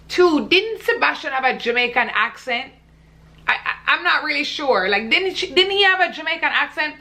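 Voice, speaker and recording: A woman's voice: high voice, lively intonation, moderate pace, pushed and bright. A young woman vlogger ranting to camera in a blunt, heated, profane way. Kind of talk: casual vlog rant.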